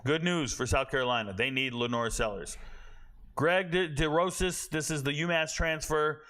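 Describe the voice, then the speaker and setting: A man hosting a college football show, talking casually and bluntly, rambling and correcting himself, with a tired, low-energy delivery. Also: moderate pace, pushed and bright. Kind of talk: casual sports commentary.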